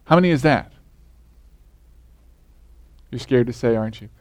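A man's voice: medium pitch, moderate pace, a little mellow, no room sound. A male pastor preaching a sermon in a conversational way, often putting questions to the congregation.

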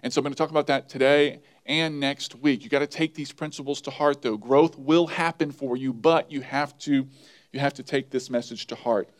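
A man's voice: medium pitch, fairly even intonation, moderate pace. A man preaching a sermon, acting out his own pleading prayers as he tells stories. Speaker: pastor.

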